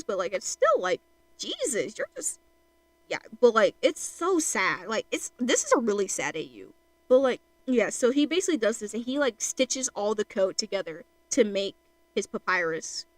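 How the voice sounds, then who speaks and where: A woman's voice: a little high, no echo, poor audio. A woman streamer chatting casually while she draws, rambling with lots of fillers.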